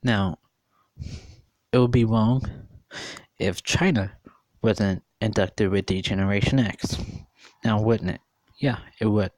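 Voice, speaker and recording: Slow, low-voiced earnest man in his thirties. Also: steady tone, darkish tone, dry recording. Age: 30s. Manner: repetitive, questioning, earnest. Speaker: vlogger. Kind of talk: casual opinion monologue.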